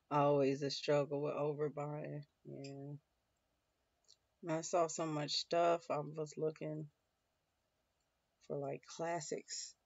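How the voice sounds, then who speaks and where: A woman's voice: low-pitched, no echo. A woman chatting casually to viewers about homeschooling, rambling with many fillers and restarts. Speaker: homeschooling mom vlogger. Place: home schoolroom. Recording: dull lo-fi dry sound.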